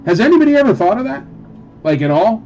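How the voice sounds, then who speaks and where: A man casually ranting with sarcasm while selling at a live auction, mocking others through quick quoted asides. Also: sits high, very animated, warm tone, muffled recording, a little hiss or hum.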